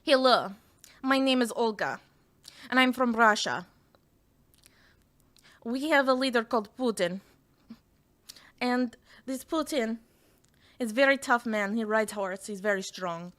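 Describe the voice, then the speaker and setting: A woman putting on a Russian woman with a heavy accent and broken English, louder than her usual voice. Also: on the high side, animated, measured pace, pauses often. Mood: admiring. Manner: broken English, loud and simple.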